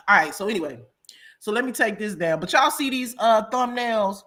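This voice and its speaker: A woman hosting a casual live-stream reaction chat who talks in a dramatic, gossipy way, laughs loudly and often, and swings between loud outbursts and quiet asides. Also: mid-range voice, expressive, moderate pace.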